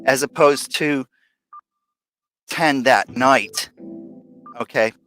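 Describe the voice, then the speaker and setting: Male live-stream host, mid-pitched, loose rambling delivery full of fillers, soft music bed underneath. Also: extremely slow, rough recording. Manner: rambling, venting, many fillers and restarts. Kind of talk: casual rambling live chat. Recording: faint music behind.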